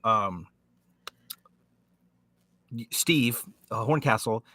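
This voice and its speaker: A man co-hosting a live show over a video call, halting and repeating words as he talks. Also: mid-range voice, pushed and bright. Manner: halting, repeats words while searching for them. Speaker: co-host. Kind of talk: casual live-stream chat.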